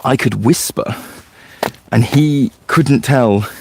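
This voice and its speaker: A man's voice: mid-range voice, takes it slowly, vocal fry, a little hiss or hum. A man, a forest school leader chatting casually and explaining things in a loose storytelling way. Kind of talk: casual podcast chat.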